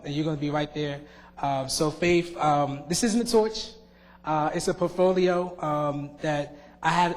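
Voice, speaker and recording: A young man speaks in a fairly high voice, with many "um"s and restarts. He gives a sincere farewell speech as a student board member. The long reverb of a large meeting hall trails each phrase. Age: young adult. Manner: halting, many fillers and restarts. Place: school board meeting room.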